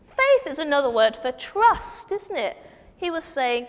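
A woman's voice: high-pitched, very animated, measured pace. A woman leading an interactive children's Bible story, coaxing the children to act along in a church hall. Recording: long hall reverb, faint noise.

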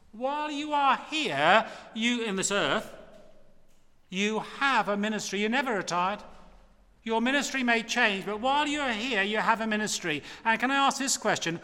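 A man's voice: sits high, sharp tone. An older man preaching an emphatic, impassioned sermon from the front of a church. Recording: long hall reverb.

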